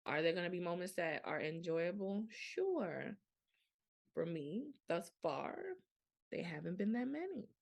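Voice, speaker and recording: Podcast host, young woman, low gravelly voice, blunt and animated. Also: unhurried. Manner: frank, animated storytelling with colloquial speech. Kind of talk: candid casual monologue.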